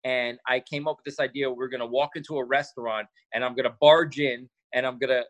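A man with a mid-range voice speaks at a quick pace as a guest in a casual podcast interview. He's an animated storyteller who acts out the quoted lines in his anecdotes.

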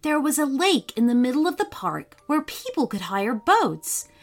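A woman narrating a children's story in an expressive, sing-song way. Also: sits high, moderate pace, soft background music.

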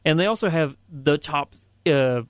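Male co-host, slightly higher voice, steady explainer, dry mic. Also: unhurried, no echo. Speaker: podcast co-host. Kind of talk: casual chat.

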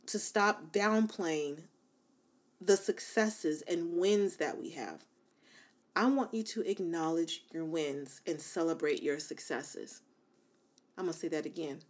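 A young adult woman talking casually to her viewers, giving self-love advice in an animated, emphatic way, with lots of "like" and "you know.". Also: on the low side, moderate pace. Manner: conversational, many fillers like "like" and "you know". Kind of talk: casual motivational talk to camera.

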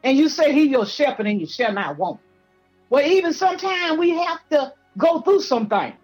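A woman's voice: high voice, big pitch swings, normal speed, darkish tone, soft background music, rough recording. A woman preacher from Georgia, giving a fervent, rhythmic testimony with repetitions, her voice teary and breaking at times. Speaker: apostle, guest preacher.

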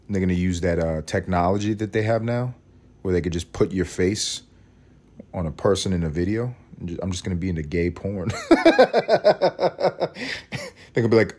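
A man's voice: sits low, animated, moderate pace, long pauses, darkish tone. Rambling, cursing man in his thirties. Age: 30s. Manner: rambling, profane, self-mocking; cranky, scattered. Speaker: podcast host. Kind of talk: casual solo podcast rant.

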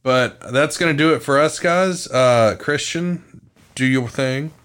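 A man's voice: mid-range voice, slow pace, a bit bright, clear, resonant tone. A man co-hosting a podcast in casual chat. He talks in a laid-back, slangy way and swears casually. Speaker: podcast co-host.

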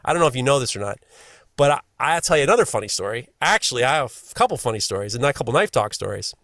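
A man hosting a podcast, telling stories in casual chat, animated and swearing freely. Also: medium pitch, rapid-fire, no room sound, studio quality. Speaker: podcast host.

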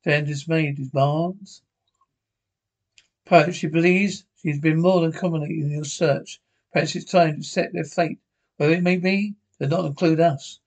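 An alien ship pilot relaying orders, patient and put-upon, as a man reads him out in a plain voice. The voice sits a touch high for a man and keeps an even, unhurried delivery. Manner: plain reading, few restarts. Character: many-armed alien ship pilot, patient male creature.

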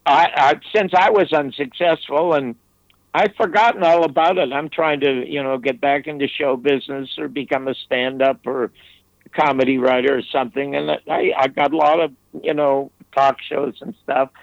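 A man's voice: medium pitch, steady tone, normal speed, creaky, no echo. An older American man, an interview guest and former TV producer, telling an anecdote in an emphatic, digressive way with restarts. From United States. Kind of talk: anecdotal storytelling. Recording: dull, dry lo-fi audio.

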